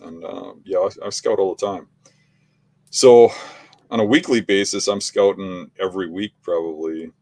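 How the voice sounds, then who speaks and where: A middle-aged man talking in a matter-of-fact, unhurried way on a podcast. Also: sits low, darkish tone, no echo. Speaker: podcast co-host, hunting guest. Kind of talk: casual conversation.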